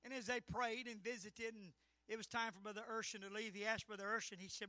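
High, bright-voiced preacher man. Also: steady tone, brisk, no room sound. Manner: swings between shouted climaxes and hushed asides. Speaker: pastor. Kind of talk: Pentecostal sermon. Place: church service.

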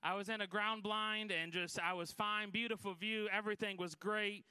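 Bright, high-voiced preacher man. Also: fairly even intonation, moderate pace, smooth, no room sound. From Michigan, USA. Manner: folksy, self-deprecating storytelling with frequent restarts. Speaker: guest preacher. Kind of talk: Pentecostal sermon with personal story.

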